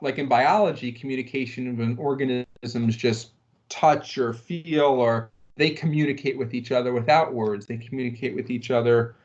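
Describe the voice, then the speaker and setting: A man's voice: mid-range voice, darkish tone, muffled recording. A man leading an online workplace training session, talking in a loose conversational way with fillers and rhetorical questions. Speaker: corporate trainer.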